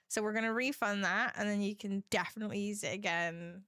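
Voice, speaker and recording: Woman streamer, bright, fairly high voice, giggly chat, dry close sound. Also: fairly quick, few pauses, no echo. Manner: giggly and chatty, laughs often; reads viewer messages aloud. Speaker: livestreamer. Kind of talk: casual chat with a live audience.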